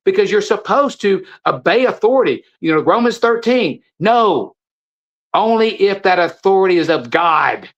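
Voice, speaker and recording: A middle-aged man, a supplement seller appearing as a guest, delivers an impassioned, preachy monologue, repeating phrases and restarting his sentences in stumbling fashion. His voice is high-pitched and animated, somewhat bright, at a moderate pace. The recording sounds muffled.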